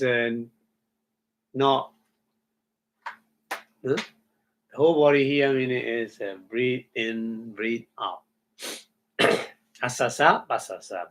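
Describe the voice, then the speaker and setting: A man giving a Buddhist dharma talk as a meditation teacher. He speaks haltingly, chants Pali terms and then explains each one, and checks in with his listeners through short hums and questions. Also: mid-range voice.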